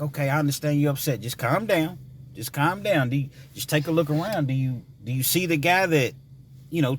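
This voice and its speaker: A man vlogging, telling a story in a casual, rambling way with many fillers, sometimes mimicking frantic girls in a high voice. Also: slight background noise.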